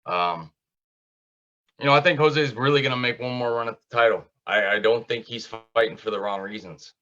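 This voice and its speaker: A man's voice: mid-range voice, brisk, sharp tone. A man co-hosting a casual sports betting show, giving confident, opinionated fight picks. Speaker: co-host picking fights. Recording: dull lo-fi sound.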